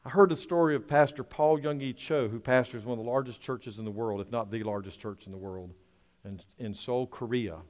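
A male pastor preaching a sermon, swinging from loud, drawn-out lines to quiet asides and asking the congregation rhetorical questions. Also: mid-range voice, in a large hall.

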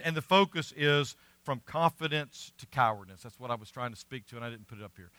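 A middle-aged man preaching a sermon as pastor, earnest and emphatic, swinging between loud stressed words and quiet asides. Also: medium pitch, fairly quick, hardly any pauses, dry recording. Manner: earnest, emphatic preaching with rising and falling volume.

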